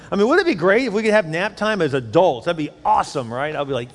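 A middle-aged pastor gives his sermon in a candid, joking way, his voice sitting a little high for a man. It rings out in a church hall with a long reverb tail. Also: lively intonation, quick pace, hardly any pauses. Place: church auditorium. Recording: echoey hall.

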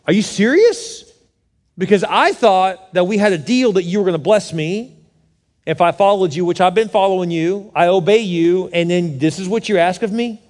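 A preacher acts out an incredulous older man, stammering and protesting that he must have heard wrong. His fairly high voice rings with long reverb through a large hall. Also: moderate pace, a little mellow, lightly acted. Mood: indignant.

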